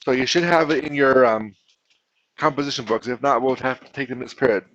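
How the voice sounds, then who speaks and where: A man's voice: medium pitch, a little fast, fairly bright tone, dull audio, slight background noise. A man teaching a class, patiently explaining and often restarting his phrases. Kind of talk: classroom instruction.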